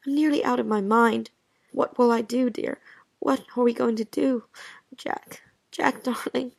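A woman's voice: fairly high pitch, fairly even intonation, moderate pace, gravelly, dry recording. A woman voicing Jean, an anxious, lovesick wife who pleads with her absent husband, in a dialogue drama reading. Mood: distraught. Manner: pleading, breathless and emotional.

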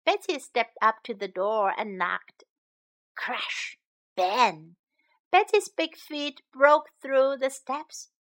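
A woman narrating a children's storybook for English learners. She reads slowly and clearly, in a high, bright, expressive voice.

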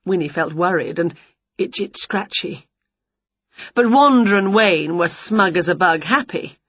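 This woman's voice sits lowish with a breathy edge, and there's no room sound, though the home recording is dull and lo-fi. A native Chinese speaker, she reads an English picture book to children at a slow pace with lively storytelling.

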